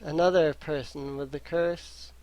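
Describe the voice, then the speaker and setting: A man voicing a busy middle-aged male sage who talks briskly but stumbles over names. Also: on the high side, steady tone, a little mellow, a little hiss or hum, close to an everyday voice. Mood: matter-of-fact.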